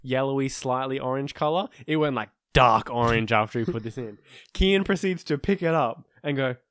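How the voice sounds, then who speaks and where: A young man co-hosting a podcast, telling drinking stories in a casual, animated way, laughing and acting out his friends' lines. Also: mid-range voice, moderate pace. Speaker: podcast co-host. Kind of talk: casual storytelling chat.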